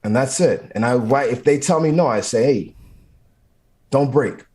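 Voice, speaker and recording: A man's voice: mid-range voice, brisk, darkish tone. A man, a firefighter guest in an interview, giving motivational talk in short, repeated, punchy phrases.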